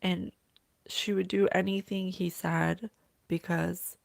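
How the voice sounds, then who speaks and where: Woman host with a slow, gravelly voice. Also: fairly low pitch, flat delivery, no echo. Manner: slow, halting, repeats phrases while relaying spirit messages. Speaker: psychic reading host. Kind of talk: thinking-aloud channeled reading.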